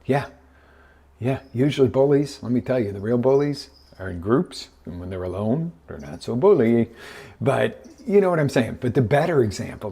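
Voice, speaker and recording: A man's voice: medium pitch, gravelly, slightly rough. A man hosting a live motivational coaching show, telling stories and acting out voices in them. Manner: animated storytelling, acting out voices in his stories. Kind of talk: motivational talk. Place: live online broadcast.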